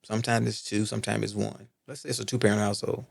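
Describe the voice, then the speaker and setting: A man's voice: fairly low pitch, flat delivery, fast talker, vocal fry. A middle-aged man, a podcast guest telling personal stories earnestly, repeating points for emphasis and checking in with "right?". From Texas. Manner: earnest storyteller, emphatic repetition, asks "right?". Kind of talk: casual podcast conversation.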